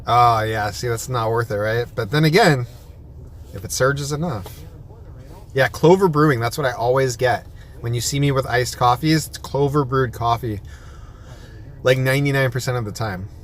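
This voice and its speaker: A man's voice: medium pitch, normal speed, slight background noise. A man who drives for a rideshare service, rambling through a story in casual chat on a phone camera vlog. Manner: rambling storytelling with many restarts. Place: in a car and at a sandwich shop.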